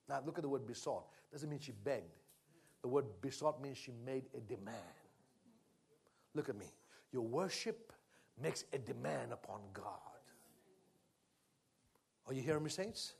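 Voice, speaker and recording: A man preaching a sermon, moving from quiet, conversational teaching to loud, fervent worship leading. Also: medium pitch, animated, a little slow, creaky, long pauses, slightly rough. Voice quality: speaks in tongues during worship.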